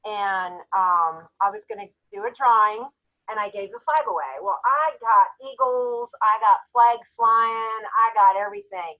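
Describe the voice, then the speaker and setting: A woman's voice: fairly high pitch, a little slow, pushed and bright, muffled recording. A woman on a casual group call, telling a heartfelt story with emotion that sometimes brings her close to tears. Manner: emotional, storytelling, tearful at times. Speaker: jewelry sales team member.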